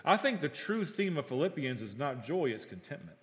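A middle-aged male pastor preaching a sermon, telling stories and acting out dialogue, swinging between loud and hushed. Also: a little high, big pitch swings, brisk. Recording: long reverb of a hall.

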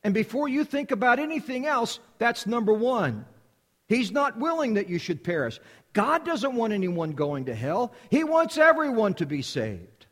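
A man's voice: very high voice, big pitch swings, normal speed, fairly bright tone, big-room sound. A man from the United States preaching a sermon as a missionary, with an emphatic, repetitive cadence.

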